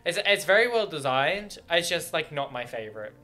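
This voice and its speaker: A young man giving casual, excitable, rambling reaction commentary on video game cinematics, laughing often. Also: fairly high pitch, normal speed, soft background music.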